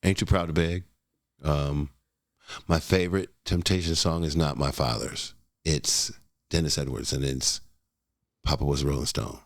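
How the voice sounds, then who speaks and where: Deep-voiced, laid-back man. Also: steady tone, no room sound, studio quality. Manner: laid-back, unhurried storytelling. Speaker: guest. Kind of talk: casual interview. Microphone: podcast microphone.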